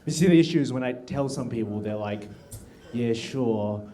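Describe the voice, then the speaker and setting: A man's voice: mid-range voice, lively intonation, fast talker, mellow. Dry, sarcastic Australian stand-up man. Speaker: stand-up comedian. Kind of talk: stand-up set.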